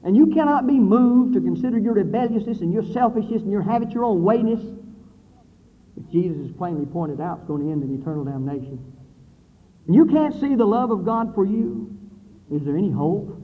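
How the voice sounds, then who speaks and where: A man preaching a sermon with dramatic swings between loud declaiming and low, hushed passages. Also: animated, brisk. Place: church building with brick wall. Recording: phone-like thin sound in a reverberant hall.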